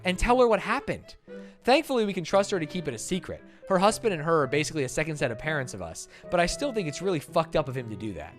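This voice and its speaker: A man performs a dramatic reading of an online post, and his pitch swoops and jumps all over. He keeps cutting in with sarcastic, mock-outraged commentary. Quiet music plays faintly behind him. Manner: animated and sarcastic, swings into loud mock-outraged rants. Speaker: YouTuber reading a Reddit post aloud.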